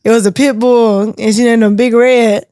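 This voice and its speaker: A woman co-hosting a podcast, telling a childhood story in relaxed casual chat, laughing along as she goes. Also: a little high, normal speed, dry recording, clean studio sound. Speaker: podcast co-host.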